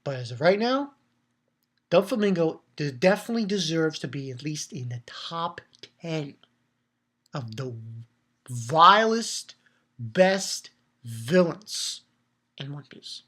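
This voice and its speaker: A man talks through a comic chapter in a casual solo review. His voice is bright and a little sharp. He rambles in an animated way, cursing freely and breaking off mid-sentence to start again. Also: on the high side, slow, long pauses. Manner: animated rambling with frequent swearing and restarts. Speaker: manga reviewer.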